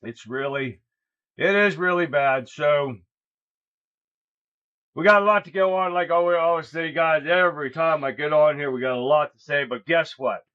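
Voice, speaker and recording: A man's voice: a little high, normal speed, sharp tone. Folksy male livestream host, lo-fi sound. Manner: folksy, keeps calling the audience "guys". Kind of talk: casual livestream talk. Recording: dull lo-fi sound.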